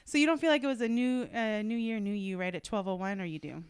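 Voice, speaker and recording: A woman in her thirties co-hosting a podcast, chatting casually and telling animated stories with frequent laughter. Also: mid-range voice, quick pace, clean tone, no room sound. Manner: laughs often, animated storytelling. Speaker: podcast co-host. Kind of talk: casual chat.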